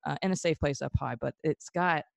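A woman's voice: deep voice, brisk, gravelly, no echo. A woman in her thirties, hosting a casual chat and telling a story in a chatty way, laughing often. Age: 30s. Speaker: podcast host.

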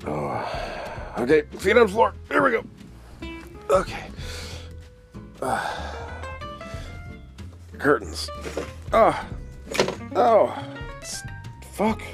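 A man's voice: sits high, huge pitch swings, very slow, creaky, pauses often, over music. A young man hosting a casual morning podcast, rambling and wry, swearing freely. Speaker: podcast host.

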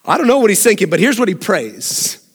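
A man preaches as pastor in a church sanctuary, his high, husky voice brisk and sing-song, with the long reverb of a large hall. He keeps it conversational, asking the congregation questions and laughing often.

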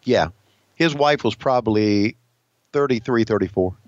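A man co-hosting a podcast in casual chat, joking and profane, reacting loudly. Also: on the low side, measured pace, no echo, dull audio. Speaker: podcast co-host.

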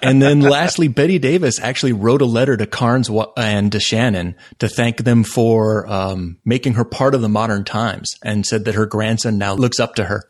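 A man co-hosts a podcast and shares music trivia in a relaxed, unhurried way. His voice sits somewhat low. He pauses here and there with small fillers while he explains. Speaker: podcast co-host. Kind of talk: casual podcast chat, sharing music trivia.

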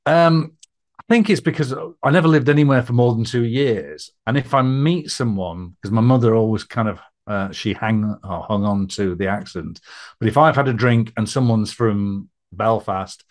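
A middle-aged man with a lowish voice, a Middle English accent and a northern twang talks at a normal speed. He's a podcast guest recounting his life story in a personal storytelling interview, chatty and rambling, laughing often and using lots of fillers.

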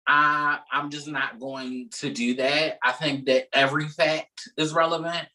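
A man with a bright, slightly high voice gives firm commentary on a podcast, measured and emphatic, hammering points home by repeating them. He is set back from the mic, so the sound is a little distant. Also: fairly even intonation. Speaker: podcast co-host. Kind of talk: opinionated commentary.

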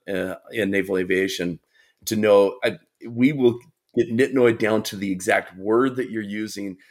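Earnest, measured low-voiced man. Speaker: guest, naval aviator. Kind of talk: casual panel conversation.

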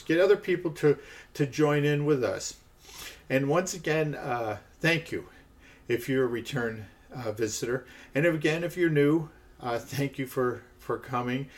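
A man giving a conversational podcast Bible teaching, often checking in with "okay" and stressing the quoted lines. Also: medium pitch.

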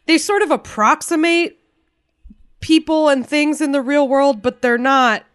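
A woman's voice: high voice, measured pace, a bit bright, dry recording, studio quality. A woman co-hosting a casual chat podcast, joking wryly and laughing often. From United States. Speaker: podcast co-host.

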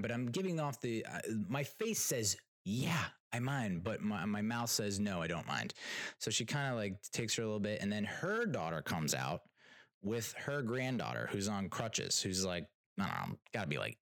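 A man's voice: on the low side, a bit bright, no echo. A young man, a father, telling a story in a rambling, exasperated way, full of restarts and trailing asides. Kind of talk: casual storytelling monologue.

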